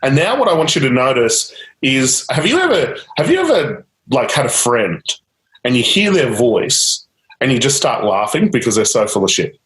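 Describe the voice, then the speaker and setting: A man guides a client through a live coaching exercise, steering each step with repeated prompts and a quick laugh now and then. His voice sits in the middle range. The sound carries a roomy echo. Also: mid-range voice, big pitch swings, a bit bright. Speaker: change-technique coach.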